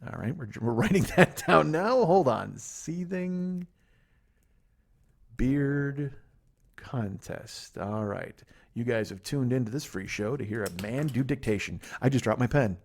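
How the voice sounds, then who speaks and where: A man's voice: medium pitch, animated, brisk, vocal fry, few pauses, husky. A man hosting a solo comedy podcast, rambling and profane, with a sarcastic edge. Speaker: podcast host. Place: seated at a table.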